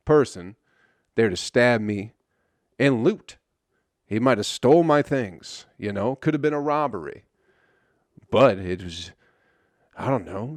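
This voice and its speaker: A man's voice: medium pitch, darkish tone, dry recording. A young man hosting a casual solo comedy podcast, telling a story in a loose, profane, friendly way. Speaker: podcast host.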